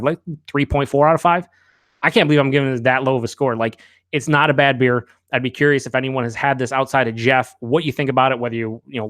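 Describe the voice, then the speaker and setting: A man's voice: medium pitch, a bit bright, dry recording, studio quality. A man hosting a live beer review. He talks casually and candidly, rambles with fillers, swears now and then, and reads out viewers' chat comments.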